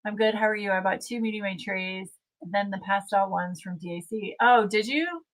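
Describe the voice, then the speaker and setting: A woman's voice: medium pitch, moderate pace, rough recording. A woman hosting a casual livestream, chatting and reading viewer comments aloud. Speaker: livestream host.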